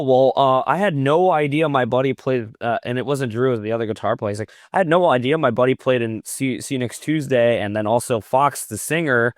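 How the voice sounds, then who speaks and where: A man's voice: medium pitch, dry recording, clean studio sound. A man, a podcast guest and metal vocalist, telling long stories in casual chat over a video call. He acts out quoted back-and-forths and swears often.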